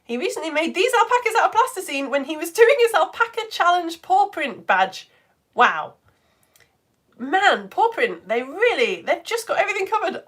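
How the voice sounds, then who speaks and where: A woman, an online science teacher chatting casually and warmly reading out viewer comments during a live stream. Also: very high voice, big pitch swings, normal speed. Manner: chatty and effusive, reads comments aloud.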